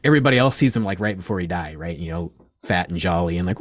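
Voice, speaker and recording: A man, a shop owner telling stories in a casual interview, rambling and animated, swearing often. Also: deep voice, fast talker, dry recording, clean studio sound. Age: 40s. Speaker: crystal and reiki shop owner, guest.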